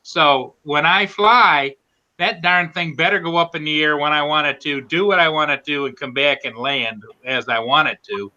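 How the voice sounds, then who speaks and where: A man's voice: on the high side, normal speed, muffled recording. A man chatting about flying drones, telling stories and acting out what others said. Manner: chatty, storytelling, animated quoting. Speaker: drone pilot co-host. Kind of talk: casual group chat.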